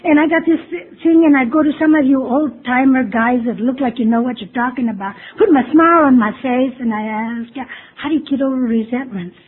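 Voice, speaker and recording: A woman's voice: high voice, brisk, hardly any pauses, slightly rough. A woman telling her personal recovery story to a meeting, candid and self-mocking with wry humor. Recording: tinny phone-like lo-fi recording with faint hiss.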